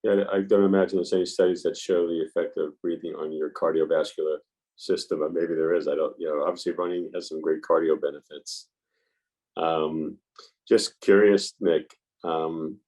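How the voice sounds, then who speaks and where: A man's voice: low voice, darkish tone, rough recording. A man hosting a meditation group on a video call, asking thoughtful, hedging questions.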